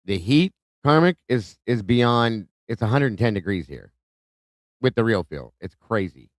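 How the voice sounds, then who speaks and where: A man's voice: lowish voice, expressive, a little slow, no echo. A man hosting a live stream, casually greeting viewers by name and reading their comments aloud. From Ohio. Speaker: livestream host. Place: home in Ohio.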